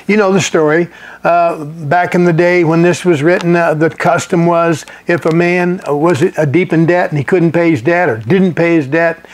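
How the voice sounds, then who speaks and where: A man's voice: on the high side, fairly even intonation, moderate pace. A middle-aged male pastor teaching a sermon in a folksy, conversational way, chuckling and restarting his sentences.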